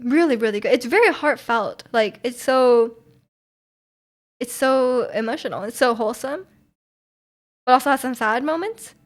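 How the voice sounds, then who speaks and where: Talking casually with the live chat on her stream, this young woman speaks in a voice a little on the high side. Her talk wanders, sentences get restarted, and giggles keep slipping in.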